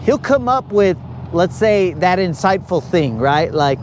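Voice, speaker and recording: High-voiced joking fishing host. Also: male voice, expressive, measured pace, noisy background. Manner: joking, slangy, teasing. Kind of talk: casual chat. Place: outdoors on a lake boat.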